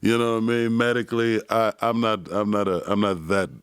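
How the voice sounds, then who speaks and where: A man with a very low voice chatting on a studio podcast. He stammers and restarts his sentences and drops in "yeah" often. His voice is recorded close and dry. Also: fairly even intonation, fairly quick, smooth, dry recording. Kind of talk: casual podcast banter.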